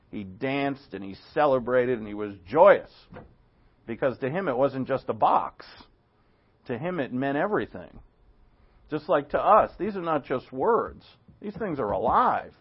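Man, Bible teacher, conversational, rhetorical questions, muffled dull recording. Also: medium pitch. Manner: conversational, animated when quoting, rhetorical questions.

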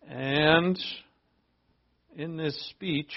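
A man's voice: a little high, steady tone, drawn-out words, vocal fry. A man preaching a sermon in a conversational way, with asides to his listeners. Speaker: pastor. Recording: dull lo-fi recording.

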